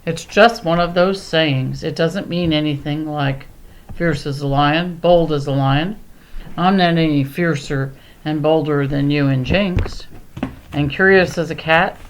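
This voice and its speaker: A woman voicing a gentle, reasonable male lion who speaks earnestly and a bit reproachfully. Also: low-pitched, a little slow, poor audio.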